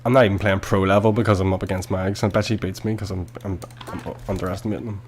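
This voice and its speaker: A man's voice: sits low, fairly even intonation, racing. A man with a West Belfast accent chatting while he plays a game online, joking about himself and swearing freely. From West Belfast, Northern Ireland. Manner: jokey, self-mocking, swears freely. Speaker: gaming streamer. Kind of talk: casual chat while playing online.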